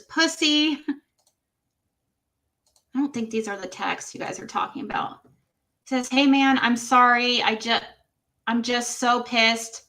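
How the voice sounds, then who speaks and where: Bright-voiced woman livestreamer reading texts aloud. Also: a little high. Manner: reacts with laughs and exclamations between reading. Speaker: livestream host.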